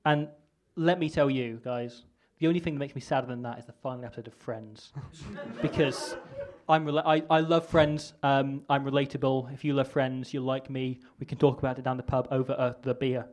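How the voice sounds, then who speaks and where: A man on stage doing a stand-up parody of a politician, awkward and self-deprecating, with halting restarts. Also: mid-range voice, flat delivery, a little mellow, a little hiss or hum. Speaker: comedian in a mock political speech. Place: stage before a live audience.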